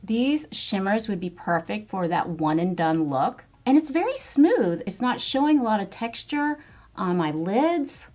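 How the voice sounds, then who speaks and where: A woman's voice: mid-range voice, big pitch swings, unhurried, a little mellow. A middle-aged woman chatting through a makeup tutorial, enthusiastic as she reviews each product. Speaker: beauty vlogger.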